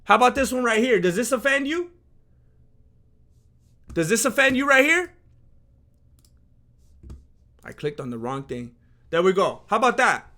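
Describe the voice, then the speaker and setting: Reaction host, male, very high voice, slangy and rhetorical, mutters asides and then gets loud. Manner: slangy and rhetorical, calls people "fool"; swings from low mumbling asides to loud outbursts. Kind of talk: reaction commentary on footage.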